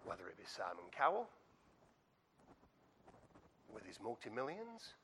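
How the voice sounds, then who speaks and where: A man preaching a sermon and telling a story with animated asides to the congregation. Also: on the low side, a little slow, a little hiss or hum.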